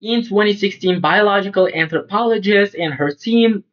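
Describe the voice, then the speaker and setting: A man's voice: high voice, moderate pace, lo-fi sound. A man tutoring for a test, reading questions aloud and thinking through the answers in an informal way, often saying "like" and asking "right?". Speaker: SAT tutor.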